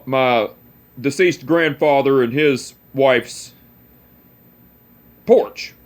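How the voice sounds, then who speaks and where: A man, telling family stories to camera in a rambling, profane way with many restarts. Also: medium pitch. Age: 20s. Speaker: vlogger. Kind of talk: casual storytelling to camera.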